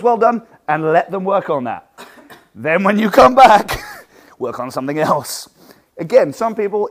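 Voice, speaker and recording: Animated martial arts instructor man. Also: fairly high pitch. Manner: animated, acts out what students and teachers say; loud projecting voice from the diaphragm. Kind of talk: teaching talk to fellow instructors.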